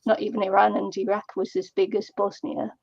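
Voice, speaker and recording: A middle-aged woman co-hosting a casual crafting chat, talking haltingly with many fillers. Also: medium pitch, little pitch movement, vocal fry, a little mellow, no room sound. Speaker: co-host. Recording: dull lo-fi sound.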